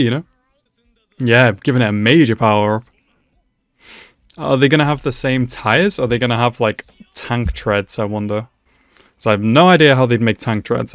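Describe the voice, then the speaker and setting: An anime reaction channel host talks casually to the screen in live commentary, laughing often and firing off excited exclamations and asides. He has a mid-range voice in clean studio sound with no room sound.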